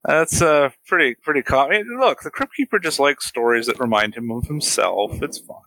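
Bright-voiced man with wry remarks. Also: mid-range voice, animated, a little fast, dry recording. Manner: dry, wry remarks with laughs. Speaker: podcast co-host. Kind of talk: casual chat.

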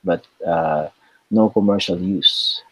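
A man co-hosting a casual review chat, relaxed and adding tips. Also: sits low, slow pace, husky, no room sound, poor audio. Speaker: co-host.

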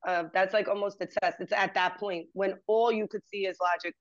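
A woman's voice: medium pitch, fairly even intonation, fairly quick, no room sound. A woman podcast host in a conversational interview, reflective and encouraging. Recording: dull, lo-fi sound.

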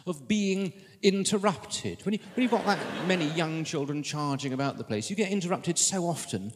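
A man's voice: on the high side, lively intonation, normal speed. A man doing a wry, self-mocking stand-up routine. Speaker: stand-up comedian. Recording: live venue reverb with loud noise.

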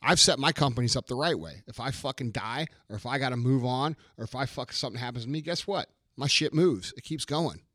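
A man's voice: medium pitch, a little fast, few pauses, fairly bright tone, no echo, studio quality. A middle-aged man hosting a podcast, delivering a blunt, profane motivational rant and repeating his lines for emphasis. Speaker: podcast host.

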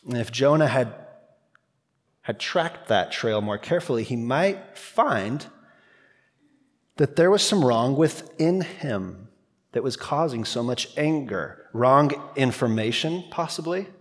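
A man preaching a sermon as pastor, talking in a conversational, animated way with quick asides. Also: medium pitch, in a large hall.

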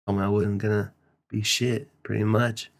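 Chill young dude from nevada, kinda low voice, laughs a lot, swears. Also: male voice, level tone, normal speed, gravelly. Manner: laid-back, laughs often, swears a lot. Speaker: podcast co-host. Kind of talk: casual chat.

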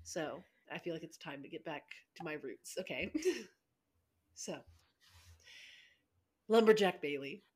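A playful woman co-hosting a casual podcast. She giggles often and swears freely, with a voice pitched a bit low. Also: big pitch swings, measured pace, breathy edge. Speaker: podcast co-host.

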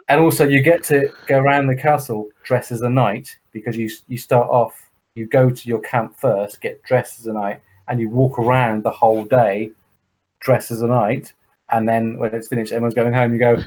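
A man's voice: mid-range voice, fairly even intonation, brisk, a little mellow, rough recording. Sweary English man telling stories. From England. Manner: sweary storyteller, acting out others in voices. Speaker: podcast co-host. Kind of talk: casual podcast chat.

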